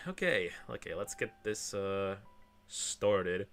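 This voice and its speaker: A man's voice: fairly low pitch, lively intonation, moderate pace, fairly bright tone, faint music behind. A male game streamer chatting casually at home, rambling with lots of fillers and restarts. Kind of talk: casual chat while gaming.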